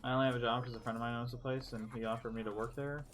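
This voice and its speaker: A man's voice: mid-range voice, little pitch movement, racing, fairly bright tone. A young man streaming a game, rambling offhandedly and swearing casually as he plays. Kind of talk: casual gameplay commentary.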